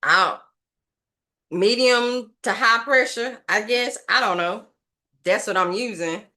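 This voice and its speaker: A woman's voice: a little high, slow pace, bright, forceful tone. A woman casually narrating a craft tutorial, thinking aloud and rambling to her viewers as she works. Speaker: craft vlogger.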